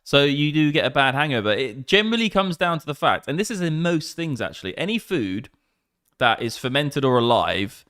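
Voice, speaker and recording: English bloke in his 30s ranting on stream, lots of swearing, smooth voice, dry close mic. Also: on the high side, brisk, no room sound. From England. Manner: rambling, swears often, excitable. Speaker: crypto streamer. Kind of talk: casual livestream chat.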